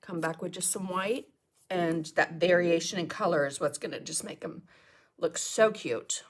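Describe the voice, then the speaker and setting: A woman's voice: on the low side, normal speed. A chatty middle-aged woman teaching a live painting lesson, talking viewers through each brush step. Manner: chatty, greets viewers and coughs and laughs between steps.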